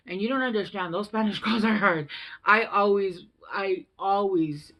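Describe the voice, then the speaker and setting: Young woman, tarot reader, slightly low voice, loose and chatty, curses freely. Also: fairly bright tone. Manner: rambling and chatty, swears freely. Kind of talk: casual tarot reading.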